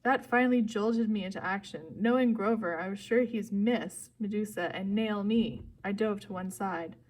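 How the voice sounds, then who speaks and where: A woman reading a first-person story aloud in a steady, clear, expressive narration. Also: mid-range voice, moderate pace. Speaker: audiobook reader.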